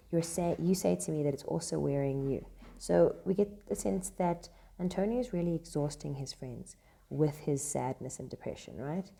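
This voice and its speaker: A woman's voice: sits low, vocal fry, dark tone. A woman tutoring a play chattily, full of fillers and "right?" checks, speaking in a classroom. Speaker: literature tutor. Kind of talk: casual explanatory lesson with read-aloud quotes. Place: classroom with noise around.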